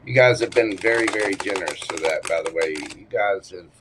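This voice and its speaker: A man's voice: sits low, a little fast, noisy background. A man hosting a casual live tarot reading, chatting to viewers and talking to himself as he shuffles cards at home. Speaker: tarot reader.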